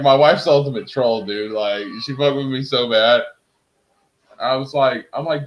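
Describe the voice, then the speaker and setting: Excitable rambling man in a roomy room. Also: medium pitch, normal speed. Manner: excitable, rambling, laughs at himself. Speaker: streamer. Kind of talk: casual live-stream chat.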